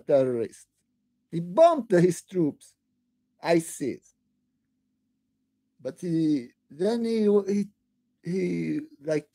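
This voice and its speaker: A woman hosting her own channel, delivering an impassioned, upset political rant that breaks into shouting and halting restarts. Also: medium pitch, vocal fry, no echo. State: upset, near tears. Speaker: online channel host. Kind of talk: angry political rant to camera.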